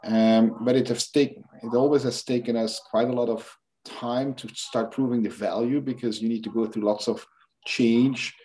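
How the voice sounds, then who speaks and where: A man's voice: mid-range voice, fairly even intonation, moderate pace, dark tone. A man being interviewed as a guest expert, explaining at length with frequent restarts and fillers. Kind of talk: interview conversation.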